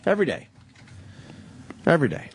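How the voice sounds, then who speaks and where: A man's voice: a little high, huge pitch swings, a little fast, husky, no room sound. A man hosting a radio talk show, chatting casually in the studio and ranting profanely about everyday annoyances. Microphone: studio microphone.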